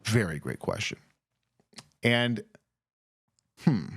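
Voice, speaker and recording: A man co-hosting a casual podcast, animated and joking, sometimes dropping into a calm, low radio-style voice. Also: takes it slowly, slightly rough. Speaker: podcast co-host.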